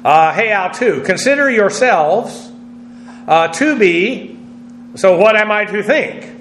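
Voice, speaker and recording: High-voiced man preaching in an echoey hall. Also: animated, fairly bright tone, slight background noise. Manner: spells out Greek words letter by letter, many "uh" pauses. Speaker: pastor teaching a Bible study. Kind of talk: expository sermon.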